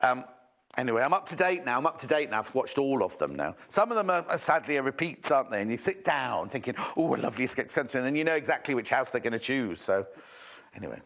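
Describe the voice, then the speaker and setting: A man's voice: medium pitch, very animated, fast, fairly bright tone. A man presenting a TV shopping show in a chatty, rambling, jokey way, full of asides. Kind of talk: chatty live sales presentation.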